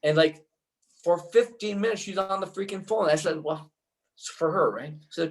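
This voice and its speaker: An older man, a filmmaker guest in an interview, telling a long anecdote in an excitable, rambling way full of restarts. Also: high voice, moderate pace, low-quality recording.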